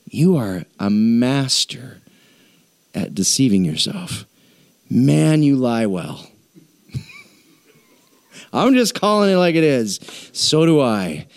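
A man's voice: mid-range voice, sing-song, slow pace, long pauses. A man preaching a sermon in a humorous, conversational way and asking the congregation to answer back. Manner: humorous, conversational, self-deprecating; asks the congregation for responses. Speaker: pastor.

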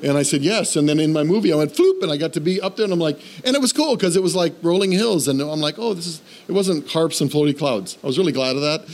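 A man's voice: fairly high pitch, fast talker, hardly any pauses. A man preaching a sermon, telling a humorous personal story and building to a fervent call to faith. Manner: animated storytelling, self-deprecating humor; rises to fervent exhortation.

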